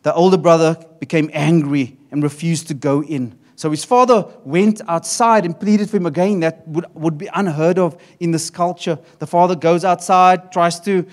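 A middle-aged man preaching a sermon as pastor, animated, often repeating and restarting his phrases. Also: on the high side, moderate pace, hardly any pauses.

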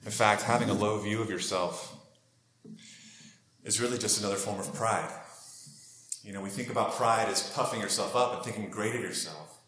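A man's voice: fairly low pitch, normal speed, long pauses, fairly bright tone. A man preaching a sermon, earnest and conversational, asking his listeners rhetorical questions. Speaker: pastor. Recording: roomy echo.

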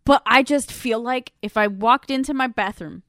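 A young woman on a casual podcast, talking animatedly and swearing freely as she recaps a show. Her voice is smooth and fairly high, recorded dry and close. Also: moderate pace, a bit bright, no room sound. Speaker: podcast co-host.

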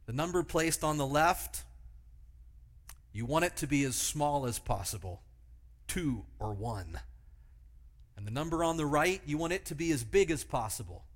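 A man's voice: fairly high pitch, animated, normal speed, pauses often. A man preaching a sermon, telling vivid illustrative stories and asking the listeners rhetorical questions.

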